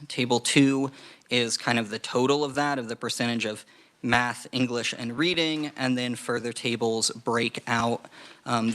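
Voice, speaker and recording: A man's voice: medium pitch, fairly bright tone. Man briefing a committee with fillers. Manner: measured, hedging with frequent fillers. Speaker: legislative staff presenter. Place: legislative committee room.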